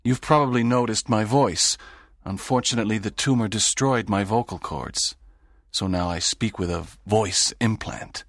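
An actor playing a sad, lonely, strict middle-aged teacher in an audiobook drama, speaking in a grave, measured way. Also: male voice, lowish voice, no room sound, studio quality. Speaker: narrator's teacher.

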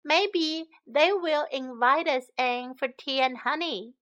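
A woman voicing a cheerful, friendly little boy in a storybook, with a lively, bright delivery. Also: high voice, slow, lo-fi sound, pitched above the performer's own voice.

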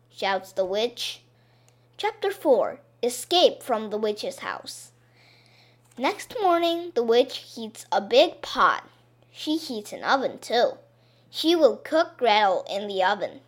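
Slow, expressive woman reading a story. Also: fairly high pitch. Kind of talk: slow storybook narration for learners.

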